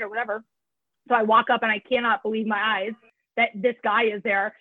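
A woman's voice: a little high, steady tone, fast talker, dry recording. A woman guest telling her recovery story frankly, with lots of casual filler and swearing, over a call. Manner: frank, profane, fillers of "like" and "you know". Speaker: podcast guest, author in recovery. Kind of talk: candid conversational storytelling. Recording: tinny phone line, dry.

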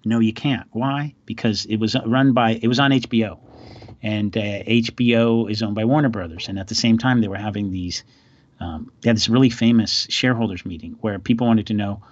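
A man's voice: lowish voice, fairly quick, dry recording, dull audio. A man hosting a podcast, telling stories in a loose, rambling, wry way. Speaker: podcast host. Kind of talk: casual chat.

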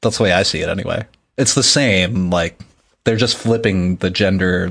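A man's voice: deep voice, normal speed, gravelly, fairly bright tone, breathy edge. A man co-hosting a casual book discussion, reading passages aloud and laughing easily. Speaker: podcast co-host.

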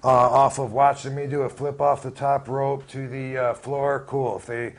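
A man who wrestles for a living talks easily about his career in an interview. He sounds relaxed and sure of himself, with a mid-range voice. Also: medium pitch, moderate pace. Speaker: professional wrestler. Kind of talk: casual interview talk.

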